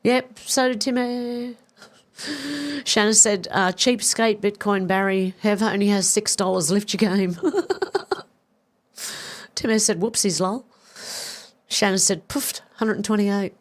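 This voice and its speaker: A woman with a mid-range voice hosts a casual live stream, speaking a little slowly with fairly even intonation and frequent pauses. Chatty and self-deprecating, she reads viewer comments aloud and responds to them, laughing often as she delivers the news.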